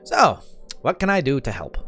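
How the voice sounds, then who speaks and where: A sardonic demon office clerk with a New York accent, pitched higher and louder than the man's usual voice, as he acts him out. He delivers his jabs with mock cheer. Soft game music hums in the background. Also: sing-song, normal speed. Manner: sardonic, sharp-tongued. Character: sarcastic demon office worker, bitter newcomer.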